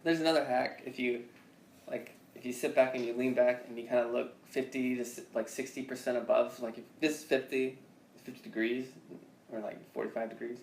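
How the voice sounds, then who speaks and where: A man's voice: mid-range voice, steady tone, a little fast, a little hiss or hum. Guy coaching singing, rambly and swearing a lot, echoey room. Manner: loose, profane, rambling explanations. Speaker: singing teacher. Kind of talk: casual one-on-one voice lesson.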